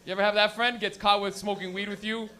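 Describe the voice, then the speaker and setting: A young man from Canada works a club crowd with a profane stand-up set. His voice sits very high for a man, and he keeps jumping into quick voices for stoned friends and cops. The delivery is loose and conversational. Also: little pitch movement, pushed and bright. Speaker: stand-up comedian. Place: comedy club.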